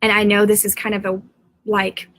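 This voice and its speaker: Bright-voiced woman rambling earnestly. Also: medium pitch, completely flat delivery, normal speed, no room sound. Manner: rambling, earnest, talks to viewers directly. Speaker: psychic medium. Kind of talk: live-stream monologue. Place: at home.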